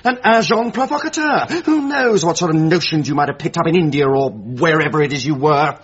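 An actor playing a pompous, jealous young gentleman, stiff and accusing in his speech. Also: fairly high pitch, animated, fairly quick, slightly rough. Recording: muffled lo-fi recording.

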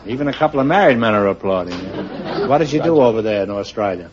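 Wisecracking quiz show host, old broadcast. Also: male voice, lowish voice, background noise. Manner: quick deadpan quips and puns. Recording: lo-fi old broadcast with loud audience laughter. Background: studio audience laughing and applauding.

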